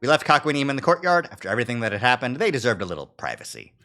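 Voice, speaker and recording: A man's voice swings widely in pitch as he reads game narration and tosses out wry asides. The delivery is expressive and casual. Faint game music plays underneath. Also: rapid-fire. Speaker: streamer. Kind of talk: gameplay commentary and reading narration aloud.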